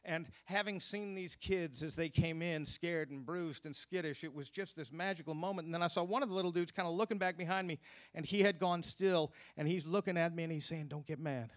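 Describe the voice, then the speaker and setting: A man telling a personal story on stage at a live storytelling event, earnest, sinking to hushed low tones at grim moments. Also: brisk, dry recording, studio quality.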